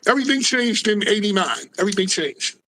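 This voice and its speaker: A man, a guest in a casual interview, telling animated stories with plenty of profanity and street slang. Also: high-pitched, brisk, crowd noise.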